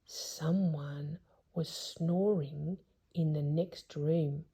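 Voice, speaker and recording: A woman reading a children's story aloud in a gentle storyteller's voice. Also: low-pitched, steady tone, drawn-out words, husky. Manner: gentle, hushed at tense moments.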